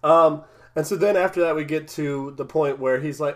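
A man in casual podcast chat, rambling through his points with lots of restarts and easy laughter. His voice sits a little high for a man. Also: normal speed. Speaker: podcast co-host. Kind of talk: casual episode recap chat.

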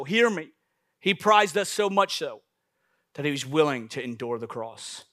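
Lively high-voiced preacher man. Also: a little slow, pauses often, no echo, clean studio sound. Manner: lively, preaching with sudden swings from loud to hushed. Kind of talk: sermon.

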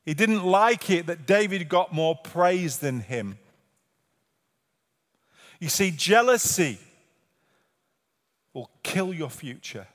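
Male pastor with a high voice, earnest repetitive preaching, long church-hall reverb. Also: animated, takes it slowly, pauses often, fairly bright tone. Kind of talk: sermon. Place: church sanctuary.

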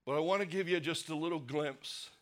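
A pastor preaching a sermon, earnest, sinking to a quiet low voice for weight and lifting it for questions to the congregation. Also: male voice, fairly quick. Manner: earnest preaching, drops low and soft for emphasis, rises for rhetorical questions.

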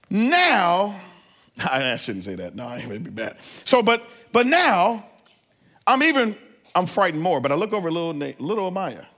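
A man preaching as a pastor, telling a family story with lively asides to the congregation. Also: fairly high pitch. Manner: animated, acts out family scenes. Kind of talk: sermon.

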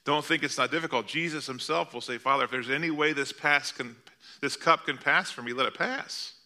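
Male pastor, middle-aged, very bright tone, earnest conversational sermon delivery. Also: medium pitch, a little fast. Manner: earnest, conversational preaching with rhetorical questions.

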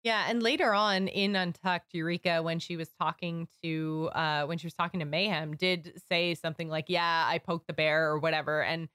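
A woman co-hosting a podcast in casual, animated chat. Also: fairly low pitch, no room sound, clean studio sound. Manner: chatty, animated, quick asides. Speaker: podcast co-host.

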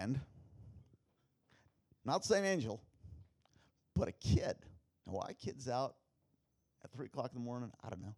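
A man preaching a sermon, telling a personal story with animated delivery and repeated rhetorical questions to the congregation. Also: mid-range voice, moderate pace, long pauses, breathy edge. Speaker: pastor.

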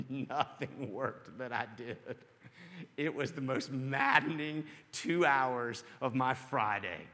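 A man preaching a sermon, dramatic and storytelling, dropping to a hush and then rising to shouts. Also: mid-range voice, takes it slowly. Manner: dramatic, swings from hushed to shouting. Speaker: pastor. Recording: long hall reverb.

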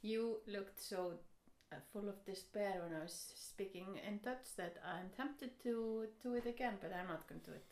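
A woman in casual podcast chat, playful and quick to laugh. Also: medium pitch, a little mellow. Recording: roomy studio echo.

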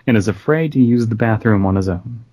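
A man co-hosting a podcast in casual chat, cracking deadpan jokes. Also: on the low side, a little fast, husky, no room sound. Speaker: podcast co-host.

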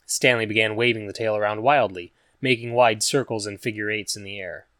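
A man reading a story aloud as a narrator, in an even, measured storytelling manner. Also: fairly low pitch, dry recording, clean studio sound. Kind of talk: scripted audiobook narration.

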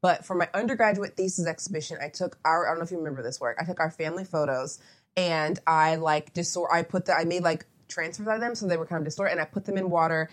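A woman's voice: on the low side, fast talker. A young adult woman, a photographer as interview guest, chatting casually and meandering with lots of asides.

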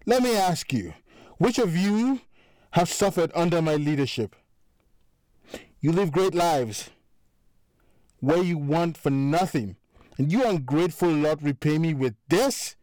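Play an angry crime boss pushing his voice up and loud, biting sarcasm, as a man reading a story. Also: on the high side, animated, a little slow, pauses often, dry recording, clean studio sound, pitched above the performer's own voice. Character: furious male crime boss, middle-aged, suspicious.

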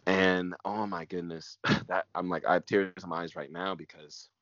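A man's voice: deep voice, steady tone, normal speed, fairly bright tone, no echo, lo-fi sound. A man, a pastor, giving an emotional personal testimony in an earnest way, repeating phrases and sometimes dropping almost to a whisper.

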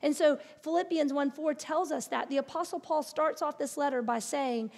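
A woman's voice: sits high, moderate pace, creaky, a little mellow. A middle-aged woman preaching a sermon, earnest and encouraging, with playful asides. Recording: long reverb of a large hall.

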